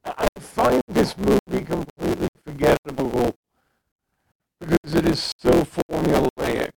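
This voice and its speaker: A man's voice: fairly high pitch, big pitch swings, measured pace, vocal fry, noisy background. A man co-hosting a casual movie podcast, giving brief, dry reactions and stumbling over his words. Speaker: podcast co-host.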